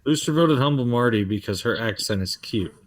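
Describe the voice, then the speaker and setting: A man co-hosting a live panel in casual chat, chiming in with quick short remarks. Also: mid-range voice, lively intonation. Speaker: co-host.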